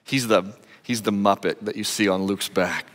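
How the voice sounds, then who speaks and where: A man's voice: lowish voice, steady tone, normal speed. A man preaching a sermon as pastor, conversational and joking, with frequent "uh" fillers, in a church sanctuary. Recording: echoey church hall.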